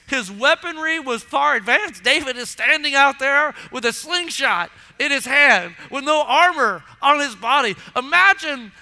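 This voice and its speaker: High, bright-voiced male preacher in a reverberant hall. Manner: animated preaching, acts out voices of listeners. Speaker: pastor. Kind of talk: sermon.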